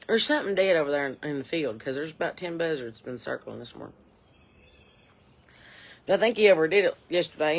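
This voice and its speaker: A woman in her forties playing a chatty, folksy mom, rambling on her porch with a drawl. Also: sits low. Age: 40s. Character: chatty middle-aged Southern porch mom, nosy and folksy. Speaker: comedy character host. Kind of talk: improvised character monologue. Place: on a porch outdoors.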